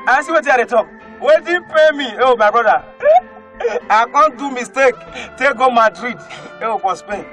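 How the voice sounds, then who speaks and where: A male comedian with a Nigerian Pidgin English accent, telling animated comic stories and often breaking into shouted put-on voices. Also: very high-pitched, moderate pace. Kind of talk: stand-up comedy storytelling. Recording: faint music behind.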